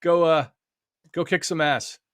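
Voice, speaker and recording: A man hosting an online live stream, chatting loosely with guests, laughing often and filling pauses. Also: fairly high pitch, fairly even intonation, smooth, dry recording. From United States. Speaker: host and author. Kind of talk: casual live stream chat.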